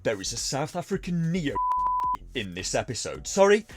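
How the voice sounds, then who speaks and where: A man's voice: medium pitch, sing-song, normal speed, loud music behind the voice. A man reviewing a TV episode in a dry, sarcastic, mocking way.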